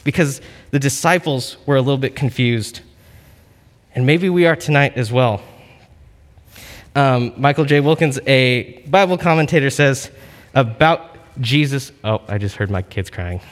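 A man gives a relaxed, conversational sermon at a medium pitch, winding through a story with lots of "like" and restarts. His voice trails into a long reverb. The delivery is informal and storytelling. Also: unhurried. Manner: conversational, storytelling, many fillers. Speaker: preacher. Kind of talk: casual sermon.

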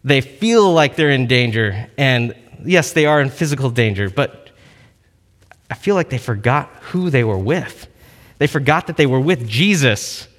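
A man's voice: mid-range voice, animated, unhurried, fairly bright tone. Chatty male preacher with long reverb. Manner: conversational, storytelling, many fillers. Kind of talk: casual sermon.

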